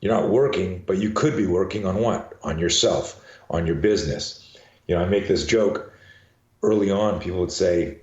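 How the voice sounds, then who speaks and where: Deep-voiced older man, chatty coach. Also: moderate pace, a little mellow, echoey room, dull audio. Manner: chatty, repeats words while thinking. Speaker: guest, self-defense coach. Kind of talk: casual interview. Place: garage.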